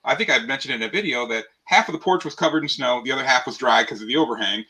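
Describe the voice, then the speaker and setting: A man chatting as a livestream guest, telling animated run-on stories. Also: medium pitch, rapid-fire, rough recording. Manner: animated storytelling, run-on complaints. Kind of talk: casual livestream chat.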